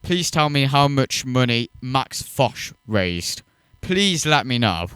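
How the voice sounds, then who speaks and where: A man's voice: mid-range voice, big pitch swings, slow pace, a bit bright, smooth, no room sound, studio quality. A man hosting a reaction video, mocking and swearing as he rants in scornful commentary.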